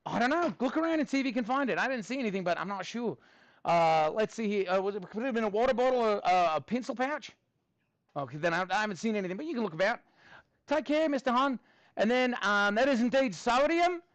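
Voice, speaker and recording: An upbeat, chatty man teaching math to a class, his voice sitting high and bouncing between jokes and instructions. The sound is dry and close, with almost no room echo. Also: lively intonation, fast. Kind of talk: classroom lesson.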